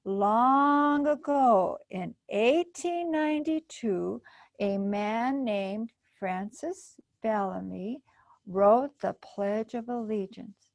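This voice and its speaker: Woman reading as a gentle schoolteacher. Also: fairly high pitch, expressive, slow pace, no room sound. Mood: encouraging. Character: kind female schoolteacher, patient.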